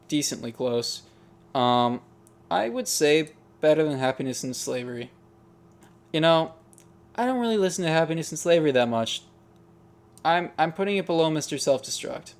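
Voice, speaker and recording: A man giving casual, musing commentary as he ranks songs, often hesitating and restarting. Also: medium pitch. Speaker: music ranking video host. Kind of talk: casual tier-list commentary.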